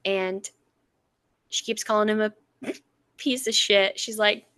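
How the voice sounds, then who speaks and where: A woman's voice: medium pitch, fairly even intonation, a little slow, long pauses, sharp tone, no echo. A woman co-hosting a book podcast, casually retelling chapters and acting out the characters' lines with frequent laughter. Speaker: podcast co-host.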